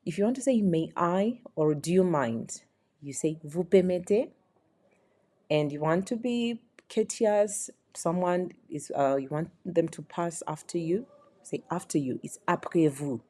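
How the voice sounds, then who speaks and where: A woman's voice: lowish voice, measured pace, warm tone. A woman teaching phrases in a beginner lesson, explaining patiently and repeating each example. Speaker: French teacher.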